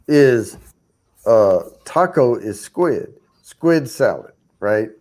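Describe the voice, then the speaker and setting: A man's voice: medium pitch, very slow. Man telling a story on a stream. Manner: animated, profane, acts out voices. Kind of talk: casual storytelling.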